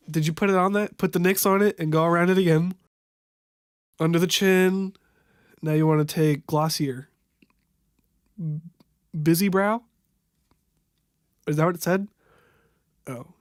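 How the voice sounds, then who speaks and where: A young man improvising a makeup tutorial voiceover, halting and stumbling over product names, wryly amused by what he sees. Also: on the high side, clean tone, dry recording, clean studio sound. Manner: wry, amused at the footage. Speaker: voiceover narrator.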